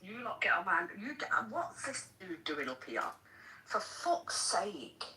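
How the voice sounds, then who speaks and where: A woman's voice: on the low side, very animated, unhurried, pushed and bright, distant mic, a little hiss or hum, low-quality recording. A woman in an online chat room who exclaims often and swears freely. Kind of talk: casual chat.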